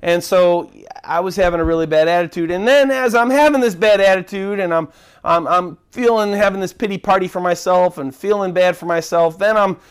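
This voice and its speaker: A man's voice: high voice, smooth. A man preaching a sermon as pastor, earnest, often repeating and restarting his words.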